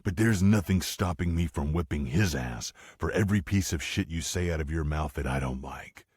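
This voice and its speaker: A man's voice: rumbling low, lively intonation, moderate pace, darkish tone, breathy edge, no room sound, studio quality, heavily acted. A man voicing a blunt, fierce tough man who speaks with threatening bluntness in an audiobook. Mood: angry threatening.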